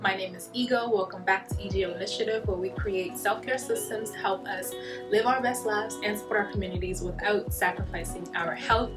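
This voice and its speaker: A woman's voice: mid-range voice, brisk, music in the background. A woman hosting her own wellness channel, chatting to camera at home in a friendly, explaining way while eating. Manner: friendly, explanatory, addresses viewers directly. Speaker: wellness vlogger and channel host. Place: small home indoors.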